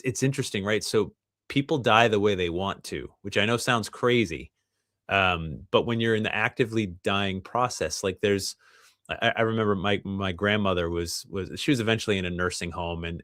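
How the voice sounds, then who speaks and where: A man's voice: on the low side, a bit bright, dry recording, clean studio sound. A middle-aged man, a guest author, chatting casually on a podcast and often laughing as he talks.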